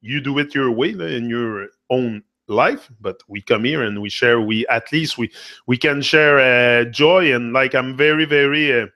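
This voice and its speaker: A man's voice: mid-range voice, unhurried, sharp tone, no echo, clean studio sound. A man from Quebec, a native French speaker with a Quebec French accent, hosting a live stream in casual motivational chat, rambling and drifting between English and French.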